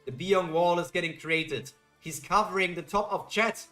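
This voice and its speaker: A man's voice: high-pitched, moderate pace, sharp tone, faint music behind. A man chatting playfully with his viewers while reacting live to a webtoon on stream. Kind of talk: casual live reaction commentary.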